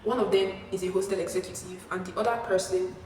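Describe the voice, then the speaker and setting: A young woman telling a storytime vlog, animated and acting out the people she quotes. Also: fast. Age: young adult. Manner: animated, acting out quotes with sudden pitch jumps. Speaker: vlogger. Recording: echoey room, far from mic, faint hiss.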